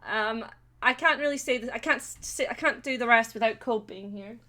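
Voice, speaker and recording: A woman's voice: on the high side, brisk, pushed and bright. A Scottish woman co-hosting a casual live stream, hesitant and giggly, often trailing off. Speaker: stream co-host.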